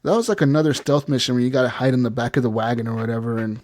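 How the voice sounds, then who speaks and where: A man's voice: medium pitch, fairly even intonation, racing, a little mellow. A man on a casual gaming podcast, retelling a game's story with lots of swearing and acting out the characters' lines. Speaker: podcast co-host. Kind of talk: casual profane game recap chat.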